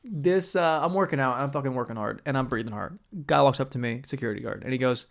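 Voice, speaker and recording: A young man hosting a podcast alone, delivering a profane, animated comedic rant and acting out other people's voices. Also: medium pitch, fast, creaky. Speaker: podcast host.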